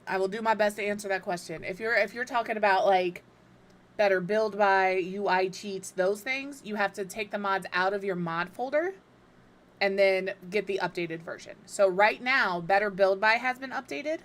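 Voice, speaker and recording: Streaming live from home, a middle-aged woman builds in a life-sim game while casually chatting with viewers and her cat, often at her own expense. Her voice is medium-pitched and fairly bright, at normal speed.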